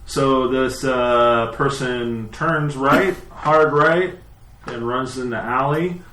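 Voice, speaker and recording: A man's voice: mid-range voice, slow. A man narrating as dungeon master in a tabletop game, talking loosely with many fillers. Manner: relaxed, hesitant, many fillers. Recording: echoey room, faint noise.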